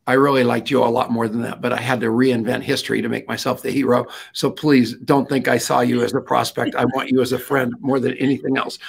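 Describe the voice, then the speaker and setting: A man's voice: mid-range voice, creaky, a bit bright. A man hosting a podcast in a joking, playful way. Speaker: podcast host. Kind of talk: casual podcast chat.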